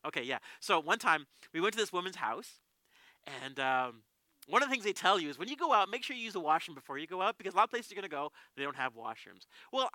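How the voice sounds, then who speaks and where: Lively, bright-voiced male pastor preaching. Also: fairly high pitch, dry recording. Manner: animated storytelling with many restarts. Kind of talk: sermon.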